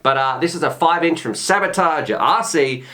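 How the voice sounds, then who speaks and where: A man's voice: a little high, lively intonation, normal speed, sharp tone. A man hosting a casual drone review with an upbeat, chatty manner, doubling words for emphasis. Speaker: host of a drone review channel.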